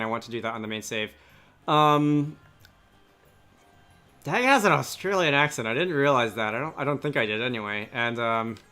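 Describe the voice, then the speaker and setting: A man with a bright, forward voice chatting through a video game as its let's play host. He rambles and restarts his sentences, with faint game music underneath. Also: mid-range voice. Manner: rambling, self-correcting. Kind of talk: casual gameplay commentary.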